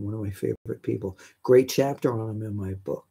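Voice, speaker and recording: A man's voice: lowish voice, fast, vocal fry, warm tone, husky. An older man from New York hosting a live stream, answering viewer questions in a chatty, rambling way with many fillers. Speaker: host.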